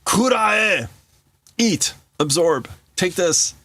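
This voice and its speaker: A man's voice: fairly high pitch, slow, voice pushed up. A man doing a brash, taunting teen gang boy. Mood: shouting. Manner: mocking, swaggering.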